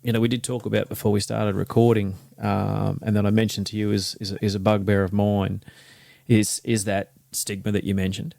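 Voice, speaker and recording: A man with an Australian accent hosting an interview podcast, measured and thoughtful, often nodding along with agreement. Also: on the low side, flat delivery, vocal fry, a little mellow, no room sound. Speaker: podcast host. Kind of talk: conversational interview.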